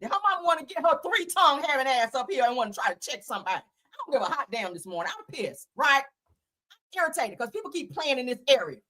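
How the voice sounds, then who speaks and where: A woman's voice: sits high, very animated, fast talker, sharp tone. A woman hosting a casual gossip show, talking bluntly and profanely in a fired-up way. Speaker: host.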